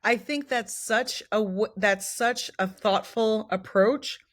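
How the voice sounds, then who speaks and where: A woman's voice: on the high side, takes it slowly, no echo. Enthusiastic woman co-hosting a podcast, dry sound. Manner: enthusiastic, emphatic, affirming. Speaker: podcast co-host. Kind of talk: casual chat.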